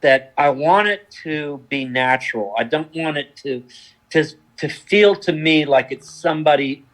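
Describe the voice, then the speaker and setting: An older actor speaks in a slightly high voice. He answers with thoughtful, wry understatement, pausing and restarting as he gathers his words. His tone stays relaxed and conversational. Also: low-quality recording. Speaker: actor guest.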